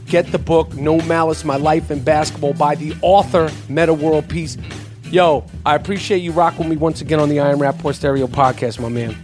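A man hosting a podcast in casual sports chat, animated, stammering through restarts and swearing freely. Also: on the high side, fairly quick, music in the background. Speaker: podcast host.

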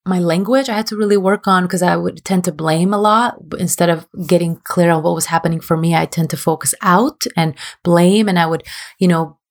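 A woman's voice: lowish voice, fairly even intonation, fairly quick. Young woman coach on a podcast, frank and self-mocking, laughs easily. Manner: open and self-deprecating, laughs often. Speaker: relationship coach, guest. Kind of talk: candid podcast conversation.

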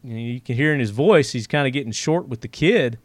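A man's voice: medium pitch, animated, quick pace, dry recording. A man hosting a casual podcast, telling stories in a rambling way with lots of fillers and frequent chuckles. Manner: rambling storyteller, many fillers, chuckles often. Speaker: podcast host.

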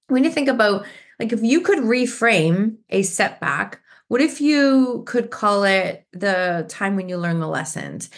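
A middle-aged woman hosts a motivational podcast alone. She talks to her listeners directly and earnestly, as a coach would. Her voice sits at an ordinary middle pitch for a woman. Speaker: podcast host. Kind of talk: motivational solo podcast talk.

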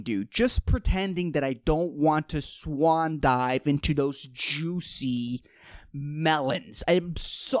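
A man's voice: a little high, no echo, clean studio sound. A tired man hosting a podcast, ranting with lots of swearing in an exasperated, rambling way. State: tired late at night. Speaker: podcast host. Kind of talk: profane comedic rant.

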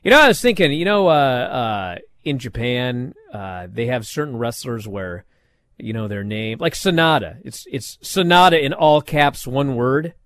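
Animated man recapping wrestling. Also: mid-range voice, measured pace, dry recording. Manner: animated storytelling with frequent fillers. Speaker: wrestling show reviewer. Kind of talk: casual podcast recap.

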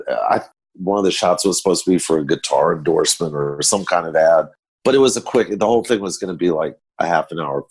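An older man, a photographer guest, telling backstage anecdotes in an animated storytelling manner. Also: deep voice, slightly rough. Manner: animated storyteller acting out quotes.

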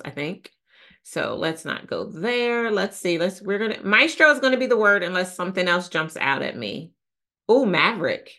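A woman hosting a podcast, thinking aloud and talking excitedly to listeners as a business coach. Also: lowish voice. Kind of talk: live-thinking podcast monologue.

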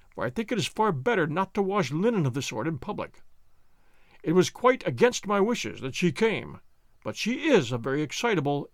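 A man's voice: fairly high pitch, dry recording, clean studio sound. A man voicing a glib, evasive visitor. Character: evasive, smooth-talking male visitor, nervous underneath. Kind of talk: audiobook character reading.

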